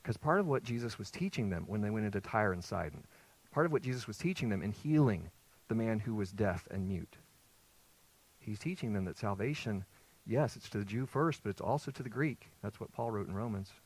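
A man preaching a sermon to a congregation in a lively, conversational way, asking rhetorical questions. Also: lowish voice, brisk, slightly rough, low-quality recording. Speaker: pastor. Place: church sanctuary with congregation.

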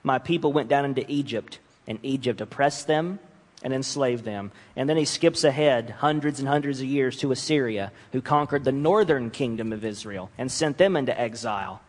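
A man's voice: mid-range voice, normal speed, big-room sound. A man preaching a sermon and acting out the voices of the scriptures he reads. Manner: animated, acts out voices of mocking nations and God.

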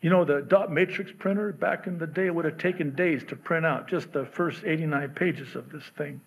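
A man's voice: fairly high pitch, moderate pace, vocal fry, slightly rough. A middle-aged man preaching a sermon as pastor, conversational and joking, acting out the voices in his stories. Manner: conversational and joking, acts out quotes.

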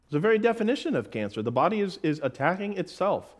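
A middle-aged man preaching a sermon in a folksy way, calling listeners "folks" and reading scripture slowly and with emphasis. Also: high voice, big pitch swings. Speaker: pastor.

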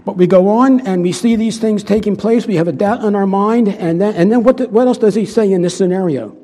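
A man's voice: sits high, fairly quick, mellow. A man preaching a sermon with earnest emphasis, often repeating phrases for stress. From United States. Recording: long hall reverb.

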